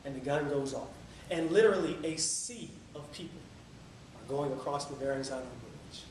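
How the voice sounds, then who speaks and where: Energetic man giving a speech, echoey room. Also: fairly high pitch, moderate pace. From Tampa area. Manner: energetic storytelling, sings a few lines. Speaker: public speaker. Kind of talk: motivational speech. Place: meeting room. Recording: echoey room from far off, faint noise.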